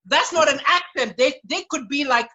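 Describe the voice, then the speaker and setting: A man's voice: very high-pitched, moderate pace, bright, forceful tone, muffled recording. A man from Malawi chatting as a comedy guest, telling emphatic stories. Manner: storytelling, emphatic. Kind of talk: comedic chat.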